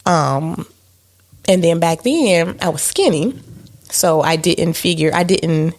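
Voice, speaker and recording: A woman's voice: on the low side, takes it slowly, a little mellow. A woman co-hosting a podcast in a casual chat, candid and self-mocking, with many fillers. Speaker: podcast co-host.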